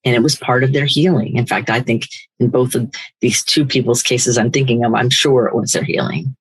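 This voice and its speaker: An older woman hosting a recovery podcast, speaking in a firm, emphatic, animated motivational way. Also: very deep voice, a little fast, husky, rough recording. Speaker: podcast host, recovery coach. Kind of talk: motivational talk.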